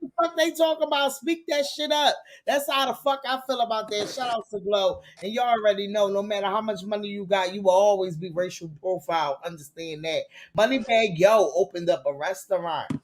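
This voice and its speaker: A man hosts a celebrity gossip show, his voice a touch higher than most. He talks with emphasis, swears often and leans on his catchphrases. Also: steady tone, a little fast, few pauses, slight background noise. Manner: emphatic, profane, catchphrase-heavy. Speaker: host.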